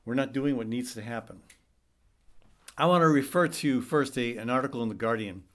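Male talk radio host, middle-aged, halting but urgent delivery. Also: mid-range voice. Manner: urgent, halting, many fillers and restarts. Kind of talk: earnest talk-radio commentary.

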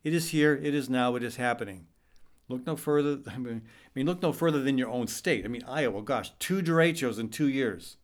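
A man's voice: mid-range voice, a little fast. A middle-aged man hosting a talk radio show, speaking with urgency and often stumbling over fillers and restarts. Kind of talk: earnest talk-radio commentary.

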